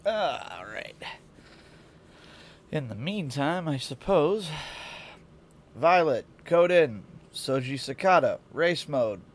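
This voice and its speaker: A man's voice: on the high side, lively intonation, takes it slowly. A male streamer with a sleepy morning voice and stuffy sinuses, chatting loosely and chuckling at a desk mic at home. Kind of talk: casual game-stream chat.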